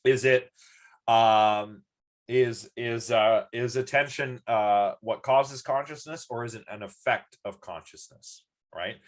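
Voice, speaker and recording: A man's voice: mid-range voice, slow pace. A man giving a live-streamed lecture, chatty and rambling, with many ums and restarts.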